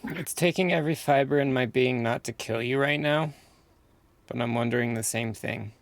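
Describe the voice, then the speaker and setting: A man playing a tabletop game who talks in character in a dry, weary, deadpan way. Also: medium pitch, normal speed, dry recording. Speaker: player.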